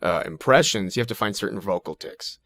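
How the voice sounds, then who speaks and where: Guy impressionist chatting, bright punchy voice, kinda low, jokey. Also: a little fast. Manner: animated, rambling, jokey. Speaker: actor and impressionist, podcast guest. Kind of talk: casual chat.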